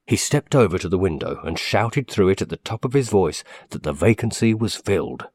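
A man reading a classic story aloud in the first person, measured and expressive. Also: low-pitched, slightly rough, no echo, clean studio sound. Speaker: audiobook narrator.

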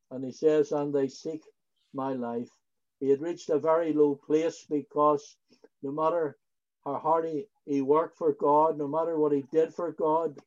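Slow earnest male preacher, lo-fi. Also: fairly high pitch, darkish tone. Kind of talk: sermon. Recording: dull lo-fi recording.

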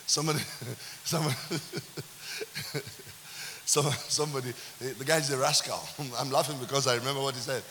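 A man with a Nigerian accent preaching a sermon as pastor, animated, with call-and-response and laughter. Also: mid-range voice, moderate pace, long pauses. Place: church hall. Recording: reverberant church hall with hiss.

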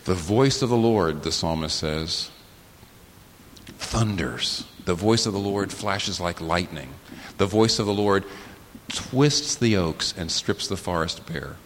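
In a church sanctuary, a pastor delivers an impassioned sermon, moving from low, slow, weighty phrases and pauses to sudden high, loud outbursts. The recording carries the reverb of a large hall and a faint hiss.

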